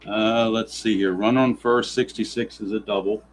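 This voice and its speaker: A man's voice: on the low side, steady tone, normal speed, a little hiss or hum, rough recording. Grumbling man narrating a dice baseball game. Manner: exasperated, sarcastic grumbling about dice rolls. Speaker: tabletop baseball simulation player narrating. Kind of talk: play-by-play style game narration.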